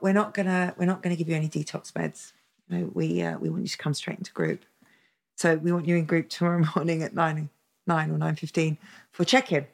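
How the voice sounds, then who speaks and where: A woman's voice: fairly low pitch, gravelly. A middle-aged woman, a therapist being interviewed, tells her own story candidly and bluntly. She acts out the voices of other people and swears freely. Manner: lively and blunt, acts out quoted dialogue, swears freely, laughs often.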